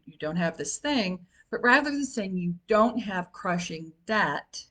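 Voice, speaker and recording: A woman in her fifties, a wellness coach, gives an informal self-help talk in a fairly low but fairly bright voice. She's chatty, with frequent fillers and restarts.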